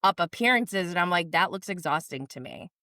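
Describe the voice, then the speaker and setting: A woman's voice: fairly low pitch, expressive, fairly quick, sharp tone, no echo, clean studio sound. A woman guest on a podcast, chatting casually and retelling a reality TV episode with lots of "like". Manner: chatty storyteller, many likes. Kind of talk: casual chat recapping reality TV.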